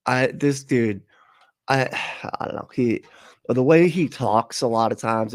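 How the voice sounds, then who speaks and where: A man's voice: lowish voice, moderate pace, dry recording, studio quality. A man hosting a livestream, reacting to video clips in casual, sarcastic commentary with frequent laughs. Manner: sarcastic, laughing, swearing, talks over clips.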